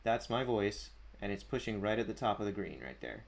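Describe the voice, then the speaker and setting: Male streamer, low-pitched, casual chatty host reading comments into a desk mic. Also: very animated, brisk, vocal fry. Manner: chatty, chuckling, reads usernames aloud. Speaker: livestream host. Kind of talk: casual livestream chat, reading chat aloud. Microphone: desk mic at a streaming setup.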